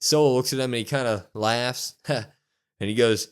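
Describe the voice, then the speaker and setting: A man co-hosting a podcast, excitedly retelling a show and acting out the quotes. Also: mid-range voice, normal speed, clean tone. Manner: animated storytelling, acts out quotes with loud whoops. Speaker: wrestling podcast co-host. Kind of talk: excited casual recap.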